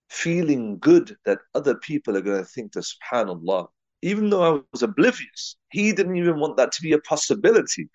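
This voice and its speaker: A man's voice: mid-range voice, creaky, dry recording, dull audio. A man from England giving a reflective spiritual talk, telling a personal story and weaving in Arabic and Urdu religious terms. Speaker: religious teacher.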